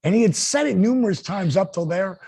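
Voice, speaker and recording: A man's voice: high voice, brisk, gravelly, husky. A man in his sixties, a podcast host, telling a story in casual talk and acting out the lines he quotes. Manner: animated, acts out quoted lines. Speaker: podcast host, former wrestler.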